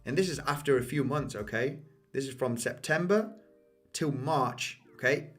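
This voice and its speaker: A man's voice: medium pitch, moderate pace, fairly bright tone, soft background music. A man giving casual market commentary over price charts, losing his voice, repeating himself and often asking "okay?". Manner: repetitive, addresses viewers as guys, frequent "okay?" and "you know". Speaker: crypto market analyst.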